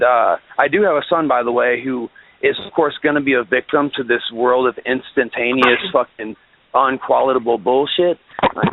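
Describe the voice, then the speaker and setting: A man calling in as a guest musician, talking in a ranting, profane way and often restarting his sentences. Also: medium pitch. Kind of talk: casual phone-in interview. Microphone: phone. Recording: tinny phone line.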